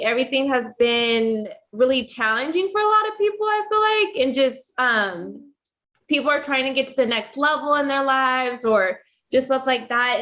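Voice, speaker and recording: Earnest high-voiced woman musing aloud. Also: a bit bright. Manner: earnest, halting, with many fillers. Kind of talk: casual reflective chat.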